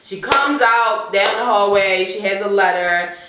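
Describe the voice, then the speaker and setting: A woman hosting a casual TV episode recap, talking in an animated, profane way and acting out the characters' lines. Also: mid-range voice, a little slow. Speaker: TV recap host. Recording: echoey room, distant mic, faint noise.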